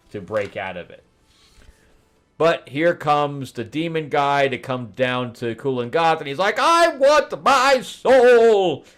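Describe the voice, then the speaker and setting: A man with a medium-pitched, slightly bright voice hosts a comic review, casually recapping a story. His retelling rambles along, full of laughs and asides.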